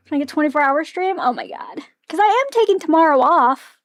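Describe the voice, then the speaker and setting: A woman's voice: sits high, animated, a little fast, no echo. A young woman streaming a game, chatting to herself with giggles, sighs and swearing. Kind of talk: casual livestream commentary.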